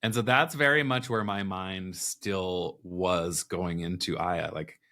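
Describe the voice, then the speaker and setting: A man's voice: low voice, slow pace. Man telling a candid personal story. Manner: candid, animated retelling with quoted inner dialogue. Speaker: podcast guest.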